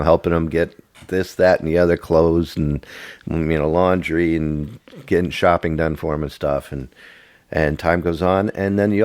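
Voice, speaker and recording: A man with a very low voice, talking casually on a movie podcast. He meanders through the story and makes fun of himself as he goes. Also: darkish tone. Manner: rambling, self-mocking recap with quick jokes. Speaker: podcast co-host.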